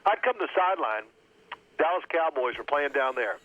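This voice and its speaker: A man's voice: fairly high pitch, a little fast. Man telling stories over a phone line. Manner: animated anecdotes, acts out coach's yelling. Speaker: former NFL quarterback guest. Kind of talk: storytelling phone interview.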